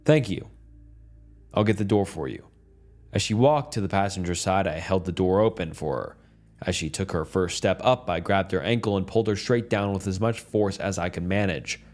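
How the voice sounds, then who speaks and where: A man reading a dark first-person horror story as a calm, steady scripted narration. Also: low-pitched, a little fast.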